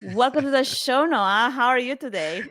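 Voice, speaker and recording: A woman's voice: sits high, normal speed, fairly bright tone, no echo, studio quality, soft background music. A woman hosting a podcast interview, upbeat and laughing often as she chats with her guest. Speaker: podcast host.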